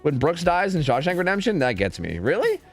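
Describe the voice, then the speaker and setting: A man's voice: a little high, very animated, brisk, faint music behind. A man chatting casually with his stream viewers, rambling and swearing a lot, full of fillers. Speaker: streamer and game caster.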